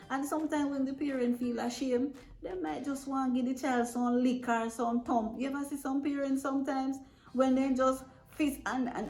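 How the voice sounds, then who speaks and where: Woman, direct advice-giver talking to parents; roomy echo. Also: a little high. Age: adult parent. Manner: earnest and direct, checks in with "right?". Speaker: parent coach giving advice. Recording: echoey room with faint music.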